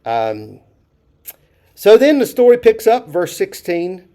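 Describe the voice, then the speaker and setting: A man's voice: high voice, very animated, slow, warm tone. A man leading a church Bible study, talking casually, asking the group questions and repeating key phrases for emphasis. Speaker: pastor.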